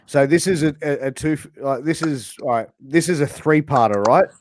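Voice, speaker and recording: A man's voice: fairly high pitch, moderate pace. Playful Australian man quizzing on slang. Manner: playful, drops into slangy catchphrases. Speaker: interview host. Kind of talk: casual interview, quizzing on slang.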